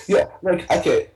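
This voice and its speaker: Young male co-caster, casual and rambling, full of fillers, excitable. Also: a little high, noisy background. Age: young adult. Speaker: tournament co-caster. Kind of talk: casual esports casting.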